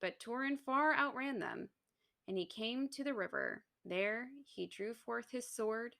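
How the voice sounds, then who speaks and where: A woman's voice: a little high, unhurried, vocal fry, fairly bright tone. A woman co-hosting a podcast, casually retelling a story, reading passages aloud and laughing often. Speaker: podcast co-host.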